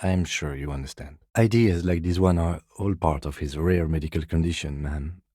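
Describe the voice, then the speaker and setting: An actor playing a reserved, precise middle-aged police lieutenant in a video game, speaking in a measured, formal, dry way. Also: male voice, a bass voice, mellow, breathy edge, dry recording. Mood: calm, formal. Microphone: close studio mic.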